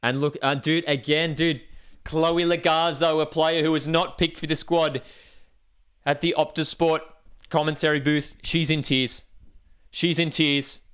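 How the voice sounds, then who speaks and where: An excitable man, hosting a live watchalong stream and reading viewer comments aloud. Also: fairly high pitch, unhurried, smooth. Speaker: livestream host.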